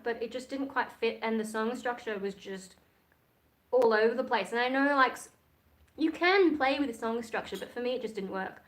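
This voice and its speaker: A woman's voice: fairly high pitch, a bit bright. A woman, chatting casually and frankly on a livestream, rambling from one thought to the next. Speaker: livestream host and metal singer.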